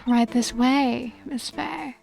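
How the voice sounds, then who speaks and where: Formal, courteous attendant, woman reading; slow and measured. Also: sits high, steady tone, vocal fry, darkish tone, soft background music, full character voice. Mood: polite. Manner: formal, polite.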